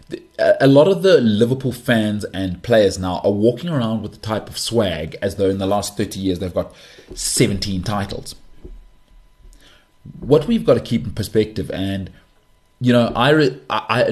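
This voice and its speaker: A man with a lowish, slightly mellow voice and a South African English accent hosts his own show. He delivers an emphatic, slangy monologue of opinionated football commentary.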